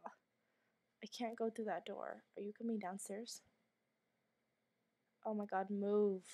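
A woman's voice: mid-range voice, steady tone, unhurried, pauses often, warm tone. A woman giving let's play commentary while sick and coughing, jumpy and anxious, swearing often and dropping to whispers in tense moments. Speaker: gamer streamer.

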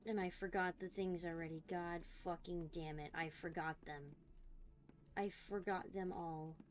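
A woman's voice: on the low side, steady tone, measured pace. A young woman streamer playing a scary game, talking to herself in a jittery way and swearing often. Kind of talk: let's play commentary.

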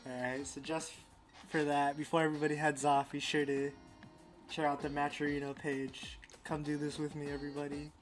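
A man commentating a fighting game tournament stream in a laid-back, unhurried way. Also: on the high side, little pitch movement, over music.

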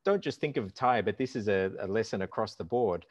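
A man's voice: fairly low pitch, a little fast, no echo. Middle-aged man teaching on a dull call line. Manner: animated and instructive, demonstrates words aloud. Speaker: language teacher and guest. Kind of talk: explanatory conversation.

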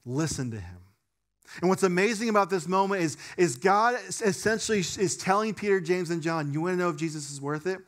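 A young male pastor preaches in a relaxed, conversational way, full of casual fillers. His voice sits fairly high and swings between excited bursts and quiet emphasis. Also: quick pace, hardly any pauses. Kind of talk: sermon.

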